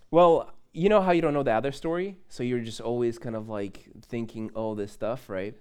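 Preaching in church, a young man shares a personal story in a chatty, animated way, laughing, making asides, and asking the congregation questions. His medium-pitched voice is clean in tone, moving at a moderate pace with hardly any pauses.

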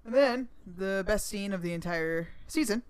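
A podcast co-host in casual chat, making wry, quick remarks. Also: medium pitch, slight background noise.

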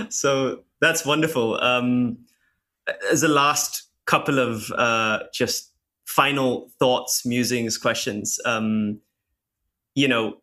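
A man's voice: mid-range voice, pushed and bright. A man hosting a podcast interview, asking admiring questions in a hesitant way with many fillers. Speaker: podcast host.

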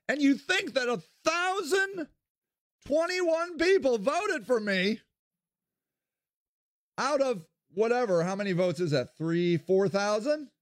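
Recorded cleanly in a studio with no room sound, this man hosts a podcast alone, talking candidly and bluntly. He's from Akron, Ohio, swears without restraint, and his pitch rises and falls in animated swings.

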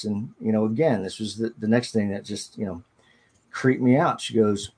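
A man, a podcast guest, recounting a personal ordeal in a halting, hesitant way, often restarting his sentences. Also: on the low side, steady tone, darkish tone, slightly rough. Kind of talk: personal storytelling in an interview.

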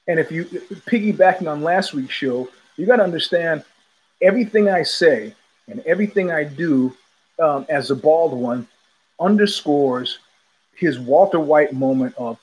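A man's voice: a little high, lively intonation, unhurried, darkish tone, slightly rough, poor audio. A man from New York hosting a podcast in a rambling, digressive monologue full of tangents and restarts. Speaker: podcast host. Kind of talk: casual monologue.

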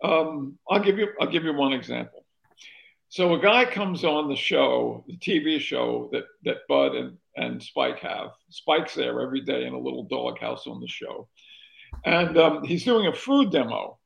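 Gravelly older man telling rambling stories. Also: medium pitch, expressive, a little slow, highs cut off. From North Carolina, USA. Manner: rambling anecdotal storyteller, restarts often. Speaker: author and former talk show host. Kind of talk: interview guest telling stories.

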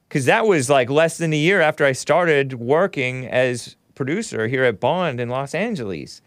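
A man's voice: mid-range voice, animated, a little slow, dry recording. A man hosting a live stream, giving sarcastic, opinionated commentary and reading viewer chat aloud. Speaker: host.

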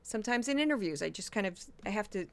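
A woman hosting her own podcast, chatting loudly and fast, and she calls herself loud and talkative. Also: mid-range voice, expressive. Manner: loud, fast, chatty, self-described obnoxious. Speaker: podcast host. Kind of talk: solo commentary podcast.

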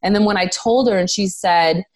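A woman's voice: mid-range voice, moderate pace. A woman as a podcast guest, telling personal stories in an earnest, candid, emotional way with casual swearing. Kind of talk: personal storytelling in an interview.

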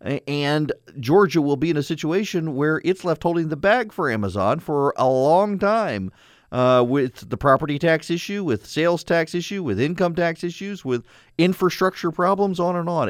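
A man hosting a talk radio show, sarcastic and animated, laughing at his own jokes. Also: a little high, dry recording, clean studio sound. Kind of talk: conservative talk radio monologue. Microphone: studio microphone.

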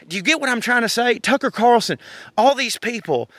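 A man's voice: very high-pitched, normal speed, no echo. A middle-aged man with a Southern US accent, ranting casually and profanely outdoors in a park as a podcast host. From Southern United States. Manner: profane, animated, rambling. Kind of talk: casual rant.

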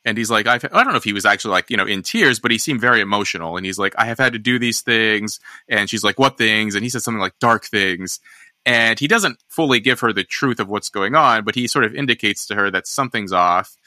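A man's voice: fairly low pitch, lively intonation, fast talker, few pauses, pushed and bright, dry recording. A man hosting a podcast, chatting casually and thinking aloud with lots of restarts. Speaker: podcast host. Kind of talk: casual discussion.

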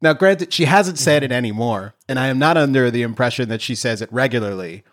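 Laughing, animated man host. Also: mid-range voice, fairly quick. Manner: animated storytelling, laughing often. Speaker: podcast host. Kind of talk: casual podcast chat.

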